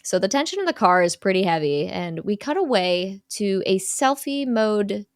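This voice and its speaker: A woman's voice: medium pitch, expressive, moderate pace, dry recording, clean studio sound. Chatty young woman recapping a film. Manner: chatty, many "like" fillers, quotes characters lightly. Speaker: podcast co-host recapping a film. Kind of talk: casual chat, retelling a movie plot.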